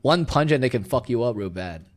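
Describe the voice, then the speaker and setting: A man's voice: medium pitch, lively intonation, brisk. A man streaming live, chatting casually to viewers and rambling with fillers as he looks for something to show them. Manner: rambling, searching aloud with fillers.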